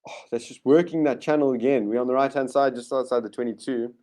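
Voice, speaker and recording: A man hosting a live rugby watchalong, giving excitable play-by-play commentary with sudden bursts of enthusiasm and frequent restarts. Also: mid-range voice, fast. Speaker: watchalong host.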